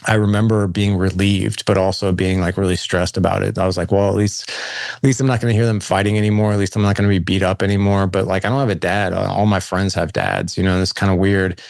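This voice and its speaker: Middle-aged male guest, deep voice, candid storyteller, dry close recording. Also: little pitch movement, quick pace, vocal fry, a little mellow, no room sound. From St. Louis, USA. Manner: candid, conversational, acts out quoted dialogue. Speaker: podcast guest. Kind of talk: personal storytelling interview.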